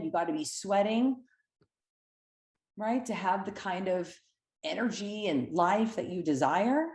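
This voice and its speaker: A woman weight-loss coach speaking to camera in a lively, conversational way, often checking in with "right?". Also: mid-range voice, echoey room.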